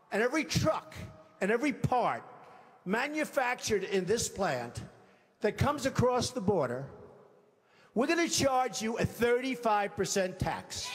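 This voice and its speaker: An older man running for president, giving a boastful, repetitive campaign speech and acting out imagined phone calls. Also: very high-pitched. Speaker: presidential candidate. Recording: long reverb of a large hall.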